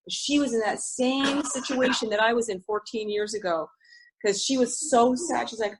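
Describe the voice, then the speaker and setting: A woman's voice: mid-range voice, animated, moderate pace, slightly rough, low-quality recording. A middle-aged woman speaking frankly and confessionally at a recovery group, swearing freely and restarting her sentences. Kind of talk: candid recovery group share.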